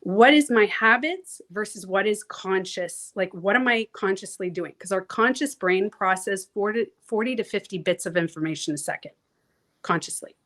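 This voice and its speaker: A woman coach talking casually in an interview, animated and frank, who swears freely and acts out the voices she quotes. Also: mid-range voice, normal speed. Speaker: transformation coach, guest.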